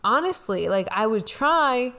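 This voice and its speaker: A woman's voice: a little high, lively intonation, a little slow, a bit bright. Chatty young woman telling a story. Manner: rambling storytelling with many "like" and "you know" fillers. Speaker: podcast co-host, pastor's kid. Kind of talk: casual confessional chat.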